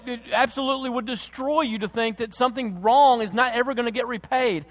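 A man preaches with a high voice and strong feeling, pushing hard on key words and then dropping to a near-hush. His sermon rings out through a hall with a long reverb. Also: lively intonation, a little fast, hardly any pauses. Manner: impassioned, swings from loud emphasis to hushed tenderness. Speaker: pastor.

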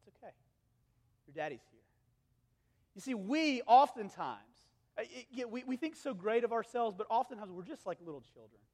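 A strikingly high-pitched male pastor in his thirties delivers a sermon, rising to urgent emphasis and then dropping to soft, tender hushes. His voice rings out with a long reverb, as if filling a large hall. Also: expressive, a little fast. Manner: swings from raised, urgent preaching to hushed, gentle tones.

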